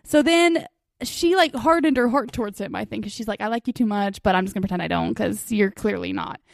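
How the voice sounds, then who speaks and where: A woman's voice: mid-range voice, fairly quick, vocal fry, no room sound, studio quality. A young woman hosting a podcast in casual chat, gushing and acting out characters' lines. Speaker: podcast host.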